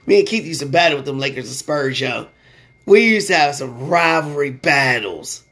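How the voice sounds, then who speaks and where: Excitable man ranting about sports. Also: fairly high pitch, normal speed. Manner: animated, slangy, excitable when ranting. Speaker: sports podcast host. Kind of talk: casual sports talk.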